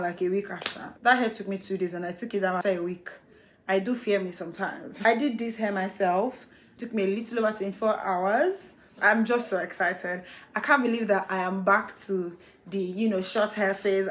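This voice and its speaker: A young adult woman chatting excitedly to camera as a hair vlogger, playful and talkative. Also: mid-range voice. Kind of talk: casual chat to camera.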